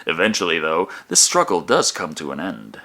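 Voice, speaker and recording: A man narrating a comedic movie review in a sarcastic, profane, animated way. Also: sits low, moderate pace, very noisy.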